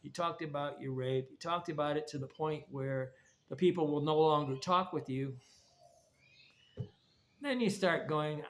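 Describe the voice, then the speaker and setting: A man's voice: a little high, a little slow, pauses often. A man giving a blunt, rambling, preachy monologue about recovery and trauma. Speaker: vlogger. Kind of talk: casual monologue. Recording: faint background noise.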